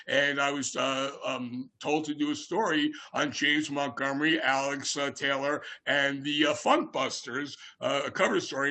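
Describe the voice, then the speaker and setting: A man hosting a podcast interview, telling casual, rambling anecdotes with plenty of fillers and restarts. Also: fairly high pitch. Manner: rambling anecdotes with many fillers, shouting out quoted lines. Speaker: podcast host.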